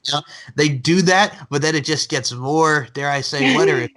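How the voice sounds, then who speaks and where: A man's voice: fairly high pitch, moderate pace, sharp tone. A man in his thirties from Long Island, hosting an interview in a casual, jokey way with many fillers. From Long Island, New York. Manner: chatty, jokey, heavy on fillers. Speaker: podcast host.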